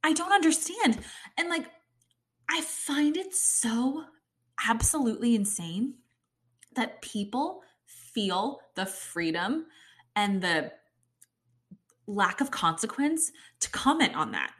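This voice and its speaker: A woman's voice: fairly high pitch, big pitch swings, slow, pauses often. A woman giving her opinions in casual talk, emphatic and exasperated, often laughing in disbelief.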